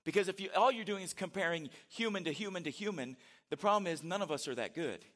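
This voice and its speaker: Talking fast in a high, fairly bright voice, this man preaches as a pastor. His conversational sermon includes rhetorical questions to the congregation and scripture read aloud with dramatic inflection.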